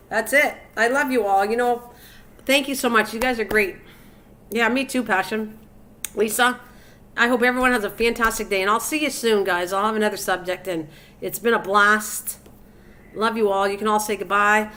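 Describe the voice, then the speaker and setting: A woman's voice: a little high, moderate pace, pauses often, sharp tone. Chatty older woman hosting a live stream. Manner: chatty, teasing viewers by name. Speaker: cooking channel host. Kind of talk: casual live stream chat.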